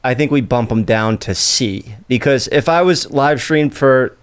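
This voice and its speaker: A man's voice: medium pitch, unhurried, smooth. A man hosting a podcast, easygoing and jokey in casual chat. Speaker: podcast host.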